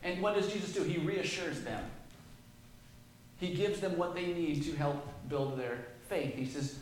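A man with a fairly high voice delivers a sermon. He reads the scripture aloud and then explains it in a conversational way. His voice rings out in a very echoey room. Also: normal speed, slight background noise. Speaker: preacher.

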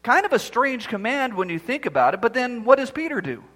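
A man's voice: very high-pitched, sing-song, a little fast, a bit bright, in a large hall. A man preaching a sermon as pastor, acting out the quoted voices as he speaks.

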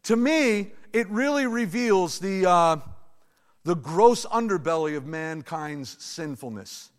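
Male pastor, high voice, chatty animated preaching, big reverberant church. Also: slow pace. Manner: animated, conversational preaching with asides to the congregation. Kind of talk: sermon. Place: church sanctuary. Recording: long reverb of a large hall.

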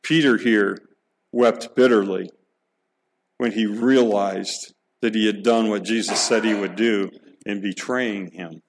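A man's voice: on the low side, fairly even intonation, slow pace, slight background noise, rough recording. Earnest middle-aged male preacher. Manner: earnest, emphatic preaching with rhetorical questions; repeats words as he restarts. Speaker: pastor. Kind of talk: sermon.

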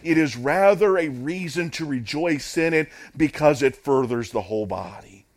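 A man's voice: fairly high pitch, lively intonation, moderate pace. A man preaching a sermon as pastor, in an emphatic, repetitive preaching cadence.

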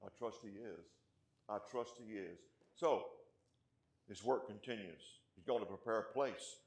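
Emphatic preacher in an echoey room. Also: male voice, on the low side, measured pace. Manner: emphatic, rising loud on key points, then dropping quiet; asks the congregation rhetorical questions. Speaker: pastor. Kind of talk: sermon.

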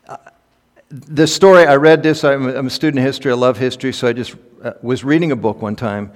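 A man, a pastor, preaching a sermon in a conversational, halting way full of ums, now and then rising to emphatic peaks. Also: mid-range voice, vocal fry. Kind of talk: sermon with personal stories. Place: large conference hall. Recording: long hall reverb.

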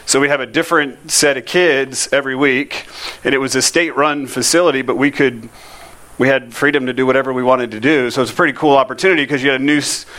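Man, mid-pitched, easygoing storyteller sharing a youth ministry testimony; conversational, with frequent fillers. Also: fairly even intonation, fast talker, fairly bright tone. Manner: conversational, full of "you know" and "I mean".

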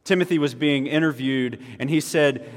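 A man's voice: on the high side, moderate pace. A male pastor giving a sermon, emphatic and repeating key phrases for weight. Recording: long hall reverb.

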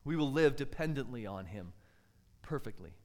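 A man's voice: medium pitch, lively intonation, normal speed, a little mellow. A man preaching a sermon, earnest and expository, often putting rhetorical questions to his listeners.

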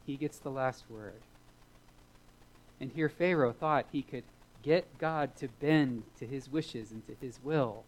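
A man's voice: medium pitch, slow pace, slight background noise, low-quality recording. Emphatic middle-aged male pastor preaching. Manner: emphatic, repeats key lines for weight. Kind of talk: sermon. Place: church sanctuary.

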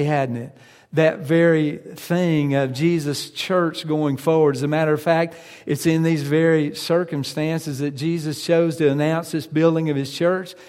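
A man preaching a sermon in a fairly high voice, with a long reverb trailing each phrase as if in a large church. He pauses on fillers, then presses his points with growing emphasis. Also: darkish tone. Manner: hesitant with frequent uh fillers, rising to emphatic preaching. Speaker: pastor.

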